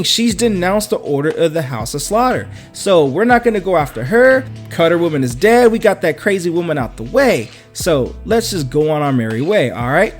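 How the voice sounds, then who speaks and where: A comic book reviewer narrating a story recap in a casual, slangy, joking way. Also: mid-range voice. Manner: slangy, animated, jokey.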